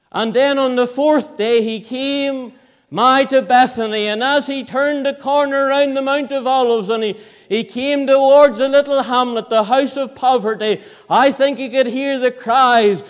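A man preaching a sermon in a church hall, impassioned, swinging from loud cries to hushed low lines. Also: unhurried. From Northern Ireland.

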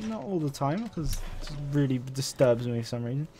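A young man casually commentating his gameplay, swearing a lot, getting excited and reading game options aloud. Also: medium pitch, brisk, a little hiss or hum. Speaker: let's play host.

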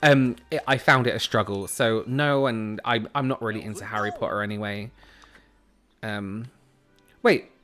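A man's voice: on the low side, normal speed, a bit bright, faint music behind. A man from the United Kingdom streaming a game, chatting casually and answering viewer comments as he plays. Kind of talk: casual live-stream chat.

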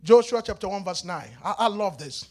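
A male pastor with a Nigerian accent preaching a sermon in a church, moving between hushed passages and shouted, sing-song calls to the congregation. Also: high voice, lively intonation, a little fast, soft background music.

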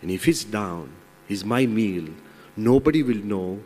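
A man's voice: on the low side, lively intonation, measured pace, darkish tone, voice pushed down. A man voicing a persuasive lion in a fable, coaxing and tempting. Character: tempting lion, king of the jungle. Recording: long hall reverb.

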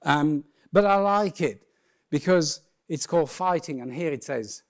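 A man's voice: fairly high pitch, expressive, measured pace. A man giving a humorous, conversational keynote talk on a conference stage, full of playful asides. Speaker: keynote speaker.

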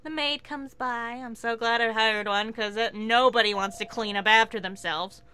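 Bright-voiced woman rambling over a game, kinda high, gets loud and excited. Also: moderate pace, smooth. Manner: chatty, excitable, swears, laughs often. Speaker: game streamer. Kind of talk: casual gameplay commentary.

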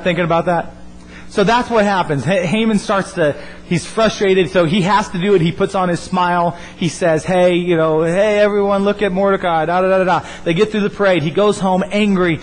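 A man preaching a youth sermon, retelling a Bible story in an animated way and acting out the characters. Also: high voice. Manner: animated, acts out characters' lines in quick voices. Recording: echoey hall with faint hum.

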